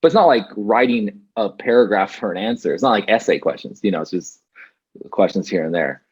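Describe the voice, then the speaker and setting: A man's voice: on the low side, lively intonation, brisk, breathy edge, highs cut off. A man as an interview guest, telling his story casually with many fillers and restarts over a video call. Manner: rambling with frequent fillers and restarts.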